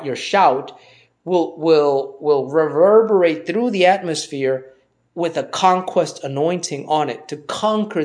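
A man giving a sermon-style Bible teaching, halting and repeating words often, slowing down to stress key phrases. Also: fairly high pitch. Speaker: preacher.

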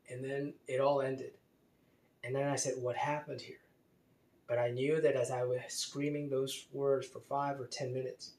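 A man giving casual spoken commentary, reading quotes aloud and rambling with many fillers and restarts. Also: medium pitch. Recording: roomy echo.

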